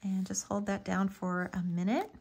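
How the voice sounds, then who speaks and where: A woman's voice: mid-range voice, fairly even intonation, normal speed, gravelly, a little mellow, husky. A middle-aged woman hosting a live papercraft tutorial, chatty and homey, with frequent ums and lots of "little" and "so cute". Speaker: craft tutorial host.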